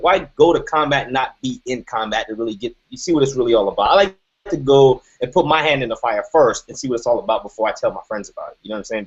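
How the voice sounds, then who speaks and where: On a dull lo-fi recording, a man in his thirties gives a forceful motivational talk, his mid-range voice slightly rough. He frequently tosses in "right?".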